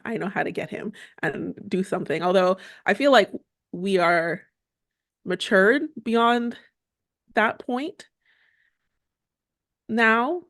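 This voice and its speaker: A woman's voice: on the low side, fairly bright tone, no room sound, clean studio sound. A woman co-hosting a family podcast, chatting casually with many fillers and easy laughter. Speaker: podcast co-host. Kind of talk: casual chat.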